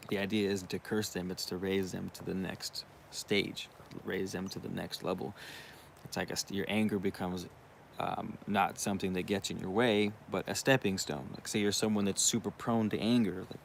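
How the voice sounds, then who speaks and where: A man's voice: low-pitched, steady tone, normal speed, vocal fry, a little hiss or hum. A young man hosting his own channel, talking in a rambling, casual monologue with frequent swearing and asides. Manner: profane, rambling, uses you know what I mean often. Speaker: channel host.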